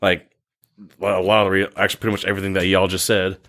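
A man's voice: low-pitched, flat delivery, rapid-fire, fairly bright tone. A man hosting a podcast, chatting about a film in a laid-back way and signing off the show. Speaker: podcast host. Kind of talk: casual film review chat.

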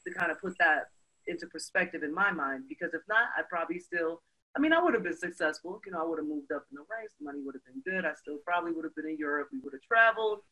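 A woman, a guest in a casual interview, telling her story with energy and leaning on lots of "you know"s. Her voice has a bright, forceful edge that carries each line. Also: fairly low pitch, expressive, fast, slightly rough, low-quality recording. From Brooklyn, New York.

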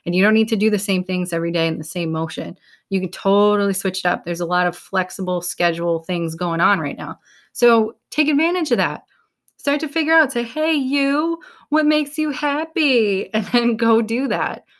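A woman's voice: lowish voice, brisk. Upbeat New woman giving a pep talk. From New England. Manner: upbeat, casual, swears now and then. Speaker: podcast host.

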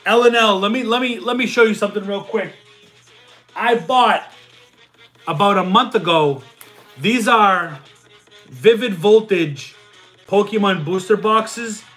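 A man hosting a casual livestream, reading viewers' comments and answering them in a loud, energetic way, working sums out aloud. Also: sits high. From Italian heritage. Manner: loud and energetic, says he yells. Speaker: livestream host answering chat.

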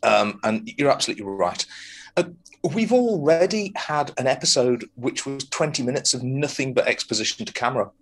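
A man's voice: mid-range voice, expressive, a little fast. A man co-hosting a podcast, chatting casually about a TV episode, rambling with lots of ums, restarts and swearing. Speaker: podcast co-host. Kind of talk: casual film review chat.

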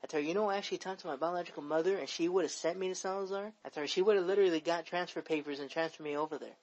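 This is a young man from talking at a rapid clip on a casual podcast. He rambles, circles back on his own words and swears freely as he vents. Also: on the high side, a little mellow, highs cut off. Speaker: podcast co-host. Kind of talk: casual chat.

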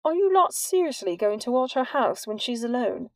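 A woman voicing a charming teenage schoolboy with a low, calm voice. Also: normal speed, no echo.

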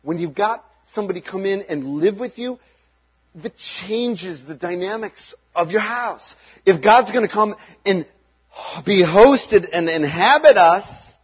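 A man's voice: high-pitched, expressive, measured pace, husky, lo-fi sound. A man preaching a sermon as pastor, talking in an earnest, conversational way and chuckling between points.

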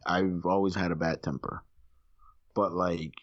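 A man with a low voice, chatting in a loose, rambling way. He clears his throat often as he tells his stories. The recording sounds dull and lo-fi. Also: little pitch movement, measured pace. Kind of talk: casual chat.

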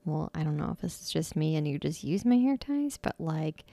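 A young woman co-hosts a podcast in a deep, mellow voice with big pitch swings, talking a little fast on a dry recording. She chats casually and laughs easily.

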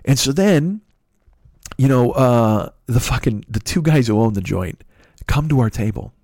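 Podcast host, middle-aged man, mid pitch, dry close mic, profane ranting storyteller. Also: a little slow, no echo. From Chicago area, USA. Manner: profane, ranting, animated impressions of friends. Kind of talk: casual storytelling.

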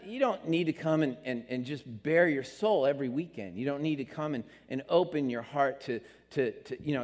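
A man preaching a sermon as pastor, animated, climbing in pitch for emphasis and acting out what people say. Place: church sanctuary. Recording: long reverb of a sanctuary.

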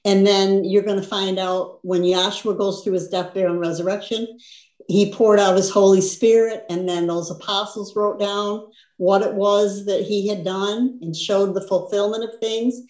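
A woman's voice: mid-range voice, fairly even intonation, normal speed, a little mellow. A woman teaching scripture in a loose, conversational preaching style. She keeps checking with her listeners as she goes, and her mid-range voice rings in a roomy space. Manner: conversational preaching, frequent "you understand?" and "see?". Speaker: Bible teacher. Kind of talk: sermon.

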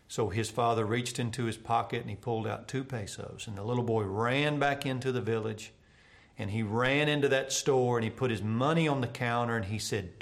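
A man, a pastor, preaching a televised sermon and telling an illustration story, often dropping his voice soft for tender moments. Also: medium pitch, normal speed. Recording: televised church broadcast.

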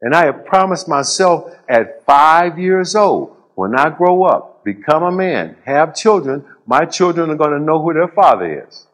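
A middle-aged man giving a motivational storytelling speech on stage before a live audience, in short punchy phrases with dramatic pauses and dry humor. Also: on the high side, expressive. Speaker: public speaker.

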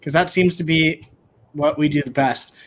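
A man hosting a casual podcast chat, talking with excitable, rambling restarts. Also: fairly high pitch, moderate pace. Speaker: podcast host. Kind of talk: casual pop-culture chat.

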